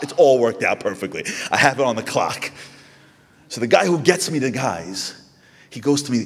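Animated American man in an echoey hall. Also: moderate pace, husky. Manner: animated, acts out quoted voices in a high pitch. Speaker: Jewish speaker. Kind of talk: storytelling talk to an audience. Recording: echoey hall with long reverb.

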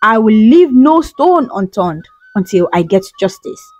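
A woman voicing a grieving, vengeful young female ghost who speaks low and sharp, in a storybook tale. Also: big pitch swings, measured pace, no room sound, highs cut off. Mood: determined. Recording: soft music behind.

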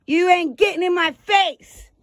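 A woman's voice: extremely high pitch, measured pace. A woman, swearing and taunting in an argument. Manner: profane, taunting. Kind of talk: heated argument.

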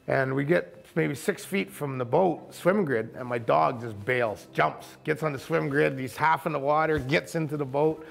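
A man's voice: a little high, moderate pace, vocal fry, hardly any pauses, fairly bright tone. A man, a camp owner, vividly recounting an encounter outdoors and acting out the voices in his story. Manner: vivid storyteller who acts out quoted speech. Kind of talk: animated storytelling interview. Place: outdoors in a forested coastal camp.

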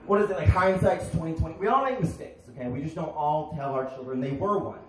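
A young man performing a stand-up comedy set on a bar stage, with deadpan punchlines and sudden shouted bits. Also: fairly high pitch, fast. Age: young adult. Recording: echoey bar, crowd noise, distant. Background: crowd laughing.

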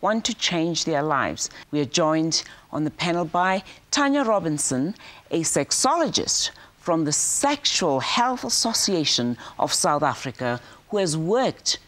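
A woman hosting a studio talk show, brisk and lively as she interviews guests. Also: low-pitched.

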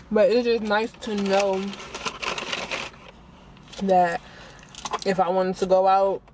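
Chatty and lively, this young vlogger addresses viewers as "y'all" while she reviews food from her car on a phone. She speaks in a mid-range voice, and the recording carries a little hiss or hum.

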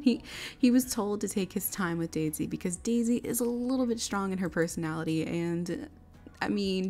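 A bubbly young woman talks through her life-sim game play in a chatty, giggly way. Her voice sits at an ordinary middle pitch, relaxed and conversational. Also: normal speed. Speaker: game narrator.

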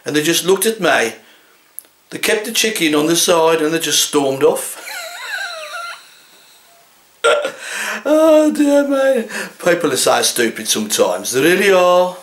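A man in his sixties with a Birmingham accent plays a chatty, jolly, exasperated butcher, spinning rambling comic anecdotes punctuated by chuckles. His voice is on the high side, expressive, moderately paced, and a bit bright, with reverb and slight background noise.

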